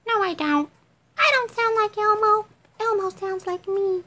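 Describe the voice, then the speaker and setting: A squeaky giggly little monster. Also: female voice, measured pace, pushed and bright, a little hiss or hum, full character voice. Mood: playful.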